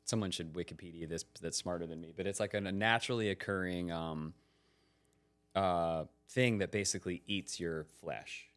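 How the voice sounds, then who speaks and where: A man with a fairly low voice tells a story in a relaxed podcast chat. He gets animated, acting out what people said to him, and his voice jumps up when he does. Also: moderate pace. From United States. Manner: animated, acts out quotes with rising pitch. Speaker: podcast guest. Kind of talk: casual storytelling.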